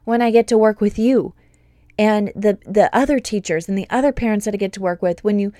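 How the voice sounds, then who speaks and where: A woman in her thirties talks through a casual podcast monologue, gushing and upbeat and wandering into excited asides. Her voice is warm and mellow rather than bright, and the recording is dry and close, with no room sound. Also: medium pitch, brisk, no echo. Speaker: podcast host and homeschool business coach.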